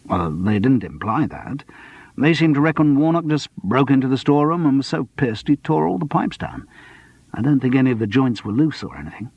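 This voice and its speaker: A man's voice: medium pitch, animated, fairly quick, breathy edge, no room sound, muffled recording. A man playing a dry, wry amateur detective, read close and dry for an audiobook. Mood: matter-of-fact. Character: wry middle-aged amateur sleuth, testy and dry.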